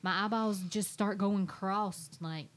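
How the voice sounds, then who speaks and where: A woman, co-hosting a podcast, who chats in a lively way and acts out her kids' and husband's lines. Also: medium pitch, takes it slowly. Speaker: podcast co-host. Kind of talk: casual chat.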